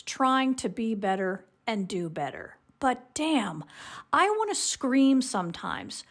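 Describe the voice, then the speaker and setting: A woman records a question for an advice show and speaks bluntly, fed up with the people around her. Her voice is on the high side and swings widely in pitch as she talks. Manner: frank, exasperated, blunt about her frustration. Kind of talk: recorded voice message.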